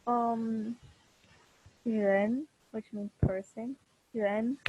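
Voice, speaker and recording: A young woman teaching a class over a video call, explaining patiently and slowly with many fillers and restarts. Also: fairly high pitch, steady tone, warm tone, highs cut off, a little hiss or hum. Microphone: computer mic on a video call.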